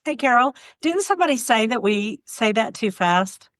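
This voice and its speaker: A woman from Oklahoma co-hosting a casual gardening podcast, relaxed and responsive with soft asides. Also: a little high, normal speed, no echo, studio quality. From Oklahoma, USA. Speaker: podcast co-host.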